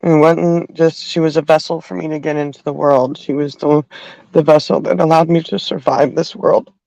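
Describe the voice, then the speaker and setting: A middle-aged woman hosting a livestream, talking in a halting, heartfelt way and crying at times. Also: low-pitched, steady tone, creaky, dark tone, dry recording, dull audio. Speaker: livestream host. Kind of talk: emotional livestream talk.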